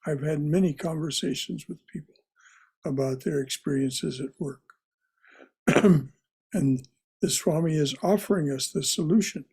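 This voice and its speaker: A man leading a religious study class, gentle and often repeating words as he explains. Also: a little high, husky. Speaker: class teacher.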